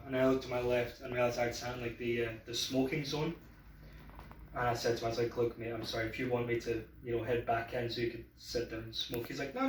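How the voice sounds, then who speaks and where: A man's voice: medium pitch, a little hiss or hum. A man doing stand-up in a pub, telling a story in a rambling, self-deprecating way full of "I was like". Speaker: stand-up comedian. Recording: echoey pub room, mic heard from a distance.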